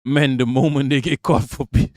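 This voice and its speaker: This is a male live-streamer with a mid-range, darkish voice, fairly even intonation and a normal speed, recorded dry with clean studio sound. He chats with viewers and reacts to news, keeping the casual commentary profane and sarcastic.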